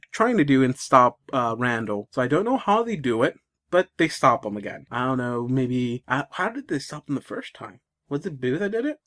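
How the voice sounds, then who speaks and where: A man co-hosting a casual podcast, retelling a story in a rambling way with many restarts. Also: mid-range voice. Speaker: podcast co-host.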